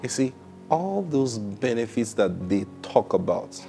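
A man's voice: mid-range voice, very animated, unhurried, gravelly, warm tone, faint music behind. A man preaching a sermon in a plain, conversational manner, often repeating his phrases.

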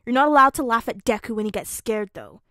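A stubborn little boy, bossy and blunt, snapping out his words in a fairly high, pushy voice, as a woman reads him aloud. The storybook sound is dry and close. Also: fast, sharp tone, no echo. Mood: grumpy. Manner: blunt, grumbling, insult-prone. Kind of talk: fanfic audiobook reading.

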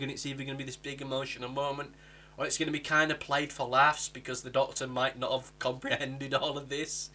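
A young man from England chats through a TV episode review in a bright, forceful voice pitched a little high. He is animated and keeps breaking into sudden high-pitched impressions of the characters. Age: young adult. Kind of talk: casual review vlog.

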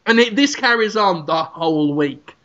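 A man co-hosting a podcast, telling a rambling comic story with animated delivery. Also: high-pitched, normal speed, lo-fi sound. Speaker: podcast co-host.

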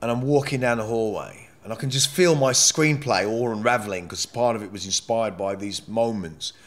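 A man's voice: on the low side, moderate pace. A man speaking as a podcast guest, telling a personal story in a candid, blunt and emotional way, with frequent swearing and rambling asides.

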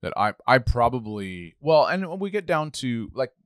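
A man's voice: mid-range voice, big pitch swings, moderate pace, no room sound, clean studio sound. A middle-aged man co-hosting a casual talk, thinking aloud with many restarts. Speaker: podcast co-host, pastor. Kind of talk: casual conversation.

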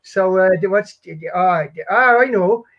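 A man's voice: high-pitched, moderate pace, muffled recording, a little hiss or hum. A man from South London with an English accent, chatting as a quiz contestant in a rambling, laughing, self-deprecating way. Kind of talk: casual chat.

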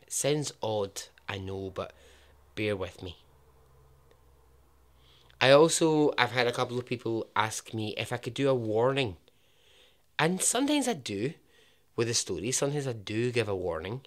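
A Scottish man hosting a podcast, narrating a true story in a chatty way with jokey asides and a lowered voice for emphasis. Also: animated, normal speed, pauses often. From Scotland. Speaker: podcast host.

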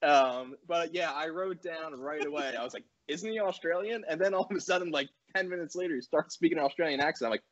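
A man co-hosting a podcast, joking and stumbling over his words as he chats about a movie. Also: fairly high pitch. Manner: joking, halting, self-interrupting. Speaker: podcast co-host. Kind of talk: casual chat reviewing a movie. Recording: slightly dull lo-fi sound.

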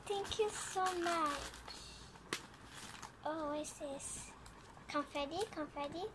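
A young female vlogger opening a gift, excitable and quick to squeal with delight. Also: high-pitched. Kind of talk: gift unboxing vlog. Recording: background noise with paper crinkling.

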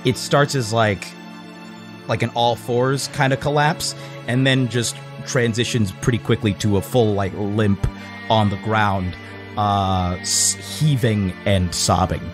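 A man's voice: lowish voice, steady tone, measured pace, music in the background. A man playing a tabletop game, hesitantly describing his character's actions with many fillers. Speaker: player. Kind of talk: casual tabletop role-play.

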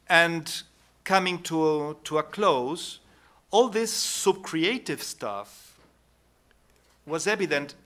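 Slow, bright-toned male lecturer. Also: fairly high pitch. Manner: unhurried, pauses with "no?" tags and restarts. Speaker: conference speaker. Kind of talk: academic conference talk.

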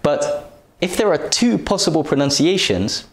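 A man narrating a scripted English pronunciation lesson, speaking carefully and deliberately with clear enunciation. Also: fairly high pitch, big pitch swings, roomy sound.

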